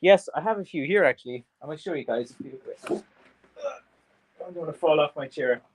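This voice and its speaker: A man's voice: fairly high pitch, expressive, moderate pace, heavy background noise. A man with an Irish accent hosting a livestream, chatting casually with viewers in a rambling way full of fillers and restarts. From Ireland. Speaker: craft seller hosting a livestream. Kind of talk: casual livestream chat, reading viewer comments.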